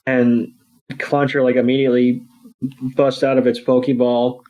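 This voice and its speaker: A man's voice: mid-range voice, steady tone, unhurried, a little mellow, rough recording. A man co-hosting a podcast, casually recapping a cartoon episode with crude jokes. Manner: laid-back, crude joking. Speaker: podcast co-host.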